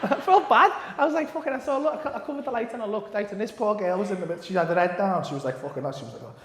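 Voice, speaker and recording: Scouse comic, high bright voice, swears a lot, laughs mid-story, big echoey hall. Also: male voice, very fast, slight background noise. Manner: swears constantly, animated, laughs through lines. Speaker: stand-up comedian. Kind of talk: stand-up storytelling, then casual chat. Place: live venue stage.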